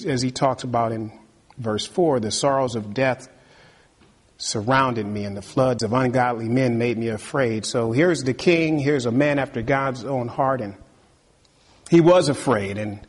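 A man's voice: mid-range voice, moderate pace, husky. A male pastor preaching a sermon, reading scripture aloud and calling out to the congregation for responses.

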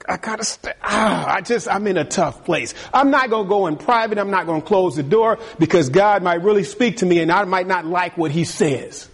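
Animated husky-voiced male preacher. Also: high voice. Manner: animated, conversational preaching with acted asides. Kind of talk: sermon.

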